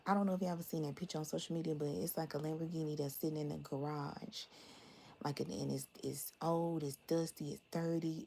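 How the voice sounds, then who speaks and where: A young adult woman doing a casual tarot reading for her viewers, blunt, animated and full of swearing. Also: low-pitched, creaky, slightly rough, low-quality recording. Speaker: tarot reader.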